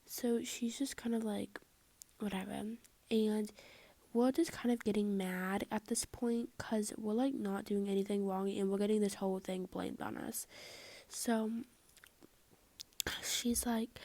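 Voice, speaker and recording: A woman's voice: medium pitch, fairly even intonation, moderate pace, gravelly, mellow. A teenage girl telling a school drama story in a casual storytime style, chatty and exasperated, filling her talk with "like" and often dropping to a whisper.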